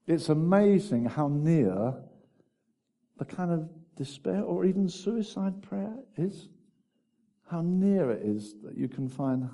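A man preaching a sermon, swinging between loud exclamations and hushed, intimate asides. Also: a little high, big pitch swings, normal speed, breathy edge.

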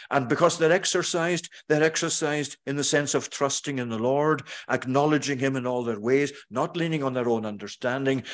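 This pastor, a man speaking at medium pitch, preaches deliberately, with many pauses. He eases his pace to stress each scripture quote he reads.

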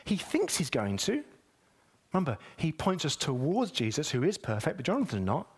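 Male preacher, slightly higher voice, emphatic delivery with swings in pitch and volume, addressing the congregation directly. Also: huge pitch swings, moderate pace, breathy edge. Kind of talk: sermon.

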